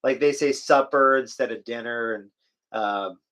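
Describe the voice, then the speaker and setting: Man, from the west coast, casual live chat, joking, reads comments aloud, mid-pitched voice. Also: normal speed, fairly bright tone. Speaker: co-host of a live chat stream.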